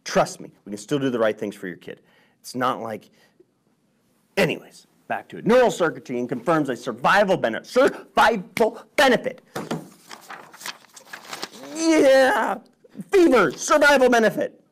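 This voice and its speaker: A man's voice: mid-range voice, animated, fairly quick. A man hosting a health vlog who reads from studies and talks emphatically, getting worked up as he goes. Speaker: host.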